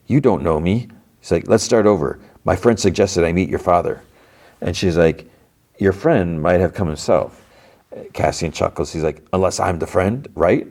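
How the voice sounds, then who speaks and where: A man's voice: low-pitched, a little mellow. A man hosting a podcast, casually retelling a TV episode scene by scene, with lots of fillers and restarts. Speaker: podcast host.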